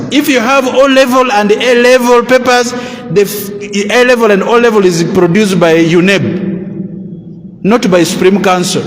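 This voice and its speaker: A man with a Ugandan English accent, a religious council official addressing a Muslim audience in a preachy way, throwing out rhetorical questions and answering them himself. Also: sits high. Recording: echoey hall with long reverb.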